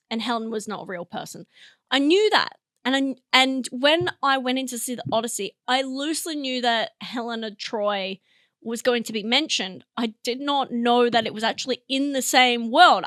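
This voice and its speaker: A woman's voice: fairly high pitch, animated, moderate pace, sharp tone, no room sound, clean studio sound. A young woman hosting a comedy podcast, rambling and giggling through a monologue, teary from laughing. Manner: giggly, rambling, self-interrupting.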